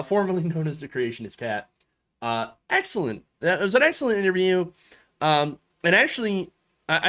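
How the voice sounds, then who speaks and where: A man hosting a casual political commentary show, goofy and self-mocking, halting often with fillers. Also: mid-range voice, fairly bright tone. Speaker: host.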